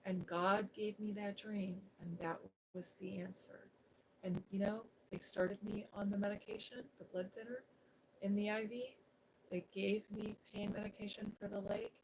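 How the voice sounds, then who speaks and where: A woman hosting a Christian livestream, sharing a personal story in a soft, gentle, earnest voice that sometimes sinks to a near-whisper. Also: mid-range voice, fairly even intonation, moderate pace, background noise. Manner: drops to a near-whisper at times. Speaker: Christian ASMR livestream host. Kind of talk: softly spoken personal testimony on a livestream.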